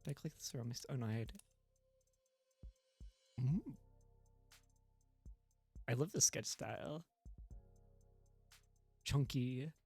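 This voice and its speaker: A woman streaming a game, talking casually and gushing excitedly, with squeals and swearing. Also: very deep voice, slow pace, long pauses, breathy edge, faint music behind.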